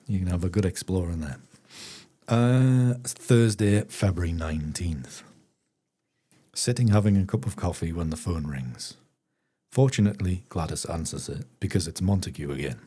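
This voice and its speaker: A man reads a farming diary aloud on a live stream at an easy, unhurried pace. His voice sits very low, with a dark, husky grain. He breaks off now and then for chatty asides to his viewers. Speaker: streamer reading a book aloud.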